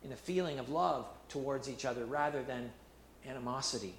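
A man preaching a sermon as pastor, animated and emphatic, repeating himself and restarting phrases as he drives his points home. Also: medium pitch, brisk, roomy sound, a little hiss or hum.

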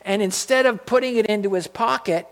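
A man's voice: sits high, a little fast, a bit bright. A male pastor preaching a sermon in a storytelling way, often repeating and restarting his phrases. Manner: storytelling, with frequent restarts and repetition.

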